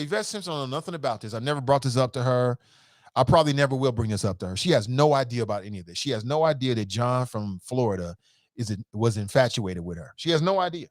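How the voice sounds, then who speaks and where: With an American accent, an animated man hosting a talk show spins a rambling, joke-filled story as a casual monologue. He acts out quotes in different voices, so his pitch swings widely, and the sound is dry and close with no room echo.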